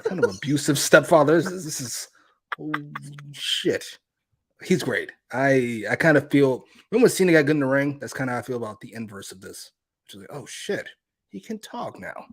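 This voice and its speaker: A man's voice: mid-range voice, animated, a little fast. A man co-hosting a wrestling review podcast, talking bluntly with lots of swearing and laughing asides. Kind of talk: casual podcast review chat.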